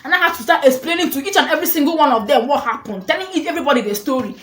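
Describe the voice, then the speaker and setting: A young woman telling a storytime vlog, animated and dramatic, laughing often. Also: sits high, rapid-fire. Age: young adult. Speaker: vlogger. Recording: echoey room with faint noise.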